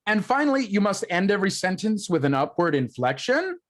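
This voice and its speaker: A man's voice: sits high, very animated, fairly quick. A man hosting a live improv comedy stream, reading out audience suggestions with plenty of ums and laughs. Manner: chatty and loose, with many ums and laughs. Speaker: improv show host.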